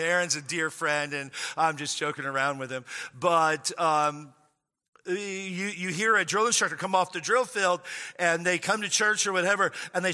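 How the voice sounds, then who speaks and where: A male pastor preaching a sermon in an animated, joking way, stretching key words out for emphasis. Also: on the high side, in a large hall.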